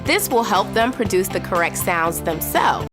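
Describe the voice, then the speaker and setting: A woman's voice: medium pitch, sing-song, normal speed. A woman giving scripted instructional narration, carefully modeling speech sounds one by one for teachers. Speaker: reading instructor. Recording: voice-over with music behind.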